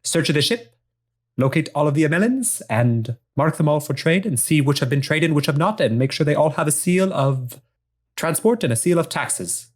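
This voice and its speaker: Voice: medium pitch, expressive, moderate pace, close to an everyday voice. Someone doing a pompous young navy lieutenant with a mock Spanish accent. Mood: officious. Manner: pompous, officious. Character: cocky young female Royal Navy lieutenant.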